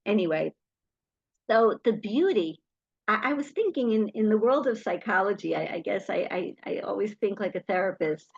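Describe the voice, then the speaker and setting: With a mid-range voice that's slightly rough and marked by vocal fry, a middle-aged woman relates lively stories to listeners at a normal speed, voicing the characters herself. The sound is muffled, with no room sound.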